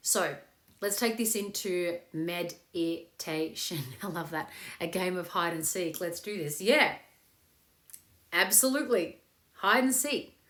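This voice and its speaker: In an echoey room with faint background music, a meditation host chats casually and cheerfully on a live stream before guiding a meditation, cursing freely as she goes. Her voice is fairly low, slow, and a bit bright.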